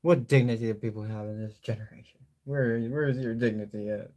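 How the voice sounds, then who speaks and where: A man's voice: medium pitch, steady tone, brisk, a little mellow. A young man rambling through a live painting stream, jumping between jokes and mock rants. He curses casually and keeps up a running chatter to his viewers as he works. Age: young adult. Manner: loose, joking, swears freely, talks to himself.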